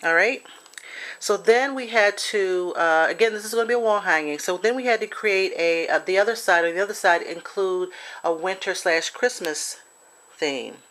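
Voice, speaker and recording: A woman's voice: medium pitch, moderate pace, fairly bright tone. A woman chatting her way through a handmade craft project with many fillers and restarts, now and then apologetic. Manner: gets emotional and apologetic. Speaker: crafter showing a swap project. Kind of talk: casual show-and-tell craft video.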